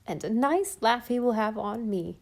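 A woman reading the lines of a brisk, devoted housekeeper in an audiobook, in a cheerful, businesslike way. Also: medium pitch, dark tone, close to an everyday voice.

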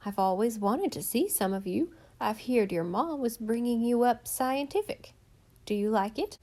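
A talkative old country widow, as a woman reads her part, her voice a little hoarse from a cold. She rambles on in homespun grammar, kindly and eager for company, like a character in a storybook read aloud. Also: on the high side, animated, moderate pace, darkish tone. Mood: folksy chatter. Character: chatty lonely old countrywoman, folksy and kindly.

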